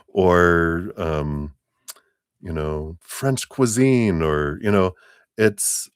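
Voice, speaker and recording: A man with a deep, low-set voice gives a live tarot reading in unhurried, drawn-out phrases. He rambles casually, leaning on "you know" fillers and soft chuckles. The sound is dry and close, with no room around it. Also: no echo. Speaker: tarot reader hosting a live stream.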